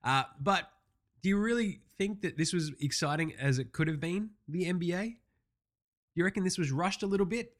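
Profane, ranting Australian sports host. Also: male voice, fairly high pitch, animated, fairly quick, fairly bright tone. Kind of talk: casual sports recap commentary.

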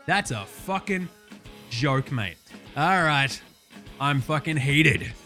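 An Australian man in his young adult years hosts a sports podcast, swearing freely and getting worked up. His voice sits slightly higher than most men's, and faint music plays behind him. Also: slow, long pauses. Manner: sweary, heated, animated. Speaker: podcast host. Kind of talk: casual sports rant.

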